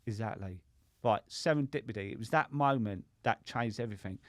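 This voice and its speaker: A man's voice: lowish voice, fairly quick, no room sound, studio quality. A middle-aged man, a guest on a podcast, telling his story in a chatty, sweary way and often asking "right?". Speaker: sobriety coach and podcast guest. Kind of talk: casual conversational storytelling.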